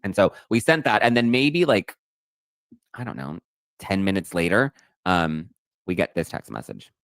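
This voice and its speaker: A man's voice: sits low, big pitch swings, moderate pace, a bit bright, no echo. A man co-hosting a podcast, casually retelling a story and acting out both sides of a text exchange. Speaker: podcast co-host.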